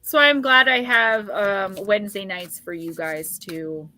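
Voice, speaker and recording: Bright chatty woman hosting a livestream. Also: mid-range voice, measured pace, a little hiss or hum. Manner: chatty, laughs often, talks straight to viewers. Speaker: psychic livestream host. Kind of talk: casual live chat.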